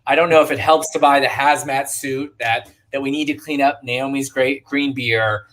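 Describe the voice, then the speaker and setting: A man's voice: medium pitch, fairly even intonation, moderate pace, fairly bright tone. A man co-hosting a livestream bingo show, upbeat as he asks for tips and thanks supporters. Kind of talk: casual livestream chat.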